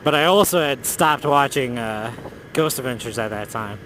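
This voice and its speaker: A man telling a ghost story in a loose, profane, animated way while riding a motorcycle outdoors. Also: mid-range voice, moderate pace, slight background noise. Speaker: motovlogger. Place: outdoors on a motorcycle on city roads.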